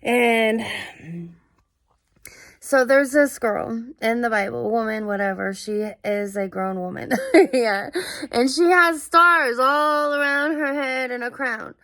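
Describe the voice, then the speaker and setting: Slow, halting woman musing aloud. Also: a little high, fairly bright tone, no echo. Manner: halting, full of fillers and restarts; earnest and searching. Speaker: vlogger. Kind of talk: casual personal monologue.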